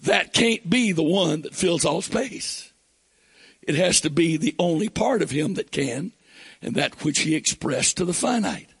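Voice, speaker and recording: A man preaching a sermon, reading scripture aloud and building to fervent shouts. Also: fairly high pitch, expressive, measured pace, creaky, husky.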